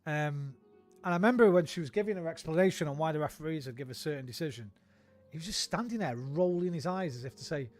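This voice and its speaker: A man's voice: on the high side, fast talker, a little mellow, soft background music. Sweary, ranting man streaming. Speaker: game streamer. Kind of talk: casual gameplay chat.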